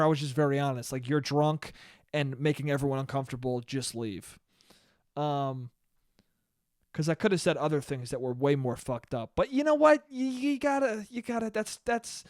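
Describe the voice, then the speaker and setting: A man's voice: a little high, no echo, clean studio sound. A young man hosting a solo podcast, rambling casually and swearing, with self-deprecating bursts of laughter. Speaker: podcast host.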